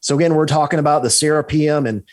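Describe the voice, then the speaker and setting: A man, a guest on a podcast, telling a story in a lively way, often checking in with "right?" and restarting his sentences. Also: on the high side, quick pace. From United States. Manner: animated, repeats "right?" and restarts. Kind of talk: storytelling in an interview.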